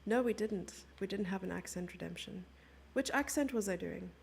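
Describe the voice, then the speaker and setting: A woman's voice: mid-range voice, normal speed, creaky, darkish tone, slight background noise. A young woman commenting on chess live and chatting playfully with her viewers. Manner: chatty, playful, reads out and answers chat.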